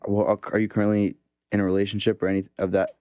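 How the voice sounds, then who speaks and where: Guy hosting a chat, low voice, keeps trailing off and restarting, dry mic. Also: completely flat delivery, darkish tone, clean tone, no room sound. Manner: halting, searching for words. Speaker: podcast host. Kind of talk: casual interview.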